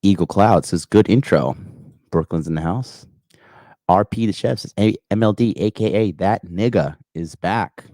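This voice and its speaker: A man's voice: low voice, normal speed, dark tone, dry recording, studio quality. A man in his thirties hosting a call-in livestream, rambling casually and crudely, full of "like" and "you know" while he reads out viewer comments. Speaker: call-in show host.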